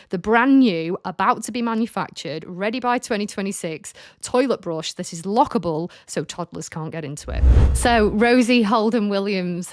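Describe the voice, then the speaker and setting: A woman's voice: medium pitch, dry recording, studio quality. Sweary woman podcast host. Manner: frank, sweary and jokey. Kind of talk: casual chat reading out comments.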